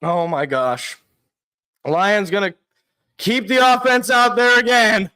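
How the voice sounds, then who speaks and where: High, bright-voiced excitable young man. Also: slow, smooth. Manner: excitable, shouting and anguished at big plays. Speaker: sports podcast host. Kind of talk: live play-by-play reaction.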